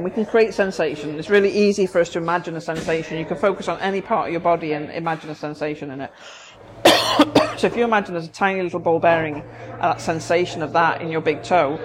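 A woman therapist, chatting casually and explaining things with everyday examples. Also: on the low side. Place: busy coffee shop. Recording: noisy coffee shop recording. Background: café crowd chatter.

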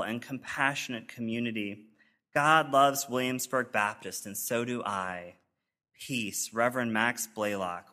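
A male pastor giving a sermon, reading letters of support aloud in an earnest, measured way. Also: mid-range voice, sharp tone. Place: church sanctuary.

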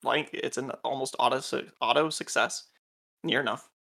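A man's voice: mid-range voice, fairly even intonation, normal speed, creaky, pushed and bright. A man acting as game master of a tabletop role-playing game, patiently explaining rules to a new player.

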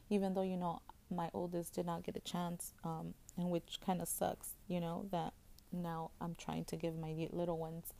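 A woman in her thirties hosts a podcast in casual-chat mode, her voice low, gravelly and heavy with vocal fry. She rambles with a fairly flat tone, using fillers and restarting often, and is openly emotional throughout.

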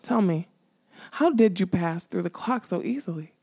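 A woman's voice: fairly low pitch, lively intonation, normal speed, warm tone, breathy edge, no echo. Woman reading a shaken wounded magician. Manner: shaky, reassuring.

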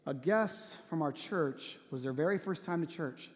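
Male pastor, earnest storytelling sermon, slightly high voice, long church-hall reverb. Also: normal speed, hardly any pauses. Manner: earnest storytelling, drops to a hushed voice for tender moments.

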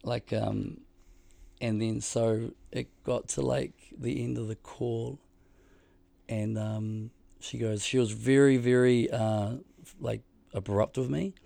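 A man's voice: mid-range voice, fairly even intonation, takes it slowly, creaky, dark tone, no room sound. A middle-aged man telling a long story in casual chat on a podcast, rambling with lots of "like" and freely swearing. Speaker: podcast co-host.

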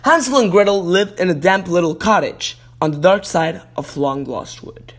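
A man's voice: sits high, moderate pace, slight background noise. A podcast host, a man, casually reading a children's fairy tale, chatty and prone to correcting himself.

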